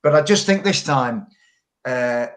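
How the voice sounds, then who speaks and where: A man's voice: mid-range voice, expressive, unhurried. A middle-aged man, telling long stories as a pundit in a casual football podcast chat, often repeating words as he goes.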